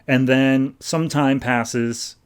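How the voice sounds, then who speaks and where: A man hosting a comic book podcast, giving a loose, chatty review full of "like" and quick asides. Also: medium pitch, steady tone, smooth. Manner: loose and chatty, heavy use of "like".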